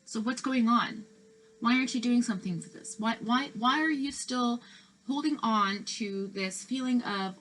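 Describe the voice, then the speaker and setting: A woman's voice: a little high, normal speed, a bit bright, slight background noise, low-quality recording. A woman reading tarot cards in a casual, chatty and reassuring way, with many fillers and restarts. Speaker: tarot reader.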